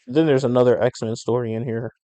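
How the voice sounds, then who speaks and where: Man, podcast host, slangy and profane, warm mellow voice, dry close sound. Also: mid-range voice, a little fast, dry recording. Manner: slangy, profane, animated rants. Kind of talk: casual comic book review podcast.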